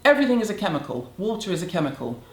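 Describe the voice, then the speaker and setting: A woman's voice: lowish voice, very animated, racing. A middle-aged woman with a British accent, ranting bluntly and sarcastically to camera in a casual beauty vlog. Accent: British English. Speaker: beauty vlogger. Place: home room in a city. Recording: roomy echo.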